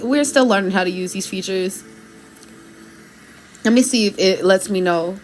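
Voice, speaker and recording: A young woman reads tarot on a casual livestream, chatty and encouraging. Her voice sits a little high and she laughs easily. Soft music plays faintly behind her.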